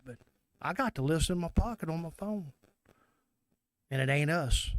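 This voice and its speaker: A man's voice: mid-range voice, normal speed, pauses often, no room sound. A man from Mississippi with a Southern US accent, an oyster fisherman giving an angry, emotional public comment at a meeting.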